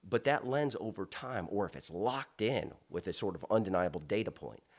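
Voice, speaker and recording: A man from South Florida, an interview guest, telling a personal story in an animated way with many restarts and asides. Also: on the low side, moderate pace.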